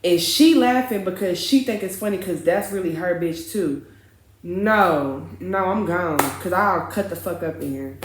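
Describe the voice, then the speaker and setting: A young woman retelling a dramatic dating story in a casual storytime vlog, animated and profane with lots of slang. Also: fairly low pitch, unhurried, slight background noise. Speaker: vlogger. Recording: roomy, echoey room.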